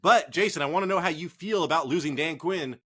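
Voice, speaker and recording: A man's voice: fairly high pitch, brisk, pushed and bright. A man co-hosting a casual sports chat show, joking, laughing and swearing as he talks. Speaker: podcast co-host. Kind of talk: casual chat while drinking.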